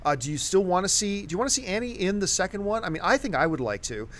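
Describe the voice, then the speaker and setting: A man hosting a casual movie chat show, steering the discussion and talking with animated energy. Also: high voice, fast talker. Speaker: host.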